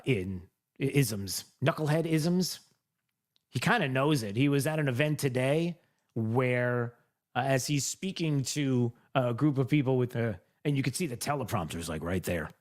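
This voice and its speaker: Sarcastic and mocking, a man hosts a political commentary show, talking into the mic at a moderate pace. His voice is animated, with wide swings in pitch.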